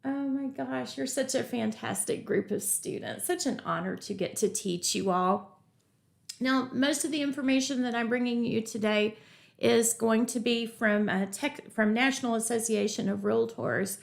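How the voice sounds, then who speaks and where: A woman's voice: fairly high pitch, moderate pace, gravelly. A middle-aged woman teaching a live real estate webinar, upbeat and chatty, greeting viewers from the chat and telling stories as she goes. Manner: chatty storytelling with asides.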